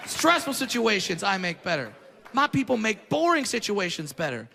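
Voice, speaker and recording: A man doing a stand-up comedy set in front of a live audience, brash and self-mocking, jumping into loud mock voices. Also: high-pitched, very animated, normal speed, gravelly, a faint crowd. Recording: live room with long reverb and noise.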